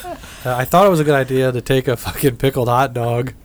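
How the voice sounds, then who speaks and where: A man's voice: medium pitch, fairly quick, slight background noise. A man with a Midwestern American accent chats casually about beer, blunt and profane, always ready with a joke. Faint room ambience sits behind his voice. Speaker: podcast host reviewing beers. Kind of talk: casual chat.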